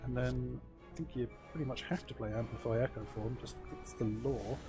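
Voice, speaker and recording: A man with a mid-range voice talks through a strategy game, half to himself, weighing each option aloud. His humour is wry and self-deprecating. Faint game music plays quietly behind him. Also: mid-range voice, steady tone, brisk. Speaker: let's play host. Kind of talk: casual gameplay commentary.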